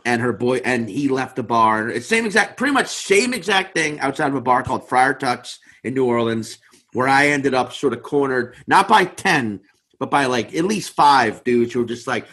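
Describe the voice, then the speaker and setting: Bright, husky man joking crudely. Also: medium pitch, lively intonation, moderate pace. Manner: crude, joking, swears a lot, acts out quotes. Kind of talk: casual chat.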